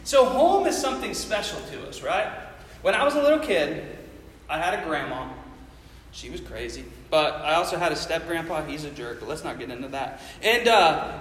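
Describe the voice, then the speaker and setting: A man in his thirties with a high voice tells a personal story to a live audience. He is loose and chatty and keeps asking the crowd whether they follow him. The sound carries a long reverb tail from a big hall. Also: fairly bright tone. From Ohio, near Cincinnati. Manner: casual, chatty, keeps asking the audience "you know what I mean?". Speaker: speaker addressing an audience. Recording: echoey hall with faint noise.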